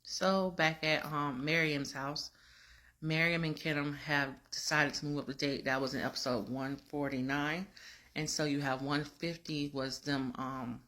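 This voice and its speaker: A woman's voice: low-pitched, steady tone, a little slow, fairly bright tone. A woman recapping a drama episode in a chatty, slangy, casual way.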